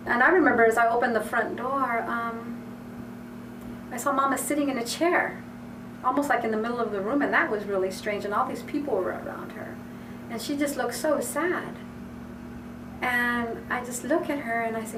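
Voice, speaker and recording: A woman, the singer's sister, softly remembering a childhood moment in a documentary interview. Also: fairly high pitch, fairly even intonation, a little fast. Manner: soft, reflective, quoting herself and others. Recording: roomy distant mic with clear hiss.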